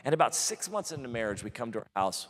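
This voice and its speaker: Man, pastor, sermon storytelling, animated, self-deprecating, mid pitch, echoing hall. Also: quick pace. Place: church auditorium. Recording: large hall with long reverb.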